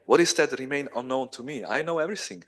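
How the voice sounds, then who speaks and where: A man's voice: medium pitch, expressive, fast talker, a bit bright. A man voicing a puzzled divine lord who questions his queen. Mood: bewildered. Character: Krishna, a bewildered divine lord.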